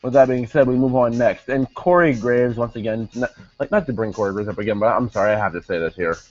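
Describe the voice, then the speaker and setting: A man's voice: mid-range voice, quick pace, darkish tone, no echo. A young man casually reviewing a wrestling show, rambling with many fillers and self-corrections. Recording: dull lo-fi sound, faint music behind.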